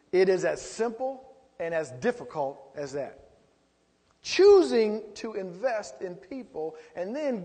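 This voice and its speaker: A man's voice: high-pitched, a bit bright, big-room sound. A man preaching a sermon as pastor, rising into emphatic calls to the congregation.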